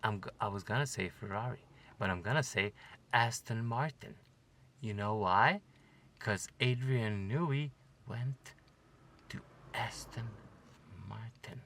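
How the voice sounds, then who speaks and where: A man hosting a casual solo podcast, ranting, joking and swearing, with loud outbursts. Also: fairly low pitch, unhurried, slight background noise. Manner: swearing, joking and heckling the listeners. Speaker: podcast host.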